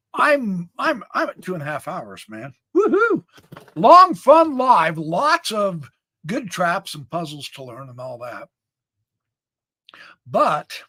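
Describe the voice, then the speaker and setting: A man hosting a live chess stream, chatty and excitable, calling out moves as he plays them and thinking aloud, a bit sneezy today. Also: a little high. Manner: chatty, excitable, exclamations and laughs. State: sneezy, stuffed up. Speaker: chess livestream host.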